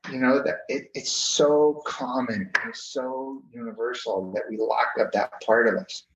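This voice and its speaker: Animated storyteller, man in a roomy room. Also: medium pitch, measured pace. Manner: animated storyteller, acts out the people in his story, many "you know"s. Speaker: interview guest. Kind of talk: casual storytelling. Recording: roomy, slightly dull remote audio with faint noise.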